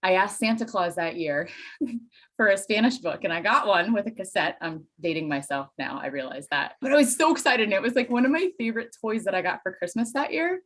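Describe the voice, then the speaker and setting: A woman from Pennsylvania, a Spanish teacher and dairy farmer, chatting as an interview guest with enthusiastic, animated storytelling and self-deprecating asides. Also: mid-range voice, fairly quick. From Pennsylvania, USA. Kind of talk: casual interview chat.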